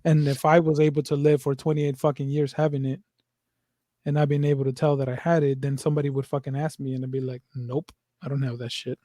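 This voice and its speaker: A young man co-hosting a podcast, speaking bluntly with heavy swearing and strong emphasis. His voice is fairly high for a man yet mellow and warm. The recording is close and dry. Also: level tone, fast talker, dry recording. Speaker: podcast co-host. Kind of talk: casual conversation.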